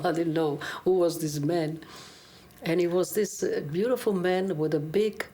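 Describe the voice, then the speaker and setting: A woman's voice: lowish voice, measured pace. A woman in her sixties from Italy with an Italian accent, telling her story animatedly in a documentary interview. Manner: animated storyteller acting out dialogue. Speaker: interviewee, opera singer.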